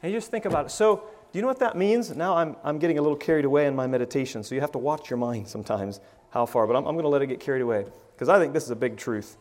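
A man preaching an informal sermon, stammering over restarts and swinging from loud to hushed. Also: on the high side, very fast, long reverb tail. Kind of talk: conversational sermon.

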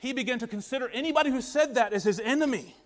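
A man's voice: very high voice, fast, big-room sound. A man preaching an interactive sermon in a church, asking the congregation questions in an earnest manner. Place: church sanctuary.

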